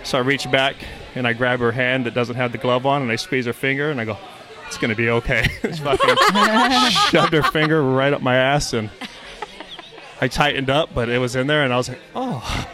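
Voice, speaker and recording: A man in his forties telling a story in a casual podcast chat, animated and profane, acting out the voices he quotes. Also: mid-range voice, a little fast. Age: 40s. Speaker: guest storyteller.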